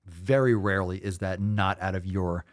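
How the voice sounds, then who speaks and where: A man with a fairly low voice rants through commentary, swearing freely and dripping sarcasm. The sound is dry and close, with no room around it. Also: steady tone, moderate pace, no room sound. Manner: profane, sarcastic, mocking voices. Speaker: host. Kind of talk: ranting commentary.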